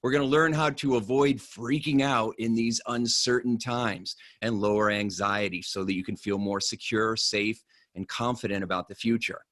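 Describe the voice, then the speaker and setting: A man giving a motivational presentation in a conversational, energetic way, with lively storytelling. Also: fairly low pitch, normal speed, dry recording, studio quality. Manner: energetic, conversational, animated in stories. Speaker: motivational speaker.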